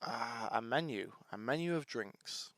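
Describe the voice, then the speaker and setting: Dude playing a tabletop game, average voice, chill and jokey. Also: male voice, medium pitch, lively intonation, unhurried, fairly bright tone. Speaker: player.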